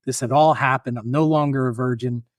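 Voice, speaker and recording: Male guest, animated storyteller, acts out voices, dry close mic. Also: mid-range voice, fairly quick, no echo. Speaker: guest filmmaker and author. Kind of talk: casual storytelling.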